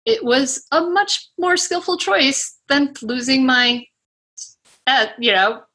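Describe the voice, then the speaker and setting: Bright-voiced woman on a podcast, chatty, lots of likes and kinda's, explaining parenting stuff. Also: high-pitched, takes it slowly. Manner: chatty, explains with examples, many fillers. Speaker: podcast guest, mindful parenting teacher. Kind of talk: casual interview chat.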